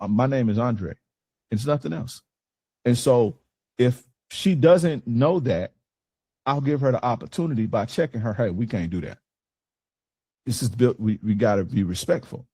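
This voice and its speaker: A man's voice: medium pitch, creaky, a little mellow, no echo. Blunt, profane man coaching on dating. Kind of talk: casual coaching talk to a group.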